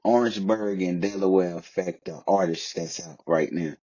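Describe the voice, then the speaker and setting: A man's voice: low-pitched, moderate pace, mellow, slightly rough, dull audio. A man hosting a casual podcast, asking questions and answering with short agreeing replies. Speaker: podcast host.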